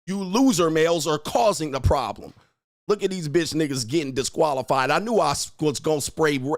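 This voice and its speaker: A livestream host who works as a dating coach berates his live chat in a profane rant packed with insults and repeated taunts. His voice is on the high side and moves at a moderate pace. The studio sound is clean, with no room tone.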